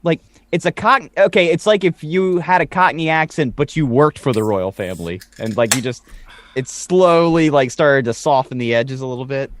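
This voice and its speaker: A man's voice: on the high side, moderate pace. A man co-hosting a podcast, rambling through provocative stories in casual chat. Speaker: podcast co-host.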